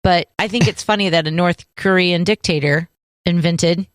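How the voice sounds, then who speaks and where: A woman co-hosting a podcast in casual chat, playful and full of deadpan sarcastic jokes. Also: fairly low pitch, moderate pace, no room sound, clean studio sound. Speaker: podcast co-host.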